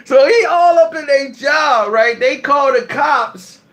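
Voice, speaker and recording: High-voiced man telling a story, laughing. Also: takes it slowly. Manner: acts out characters, laughs often, shouts quoted lines. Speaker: channel host telling a story. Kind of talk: animated comic storytelling.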